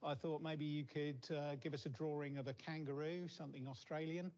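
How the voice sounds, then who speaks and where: A man who founded a robotics company, giving a tour with halting, repeated words. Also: a little high, steady tone, darkish tone. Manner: hesitant, repeats words, chuckles. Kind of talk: guided tour interview. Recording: dull lo-fi broadcast audio.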